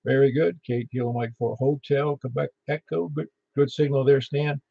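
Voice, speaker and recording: Gravelly man running a radio net. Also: mid-range voice, steady tone, normal speed, dry recording. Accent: Middle Tennessee. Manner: joking, folksy. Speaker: net control operator. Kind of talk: ham radio net chat. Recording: lo-fi radio transmission.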